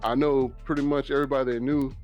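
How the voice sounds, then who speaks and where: A man's voice: medium pitch, little pitch movement, fast, darkish tone, faint music behind. A man with a Southern US accent, a podcast guest telling a story in casual chat and acting out what others said. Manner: laid-back storyteller, acts out quotes.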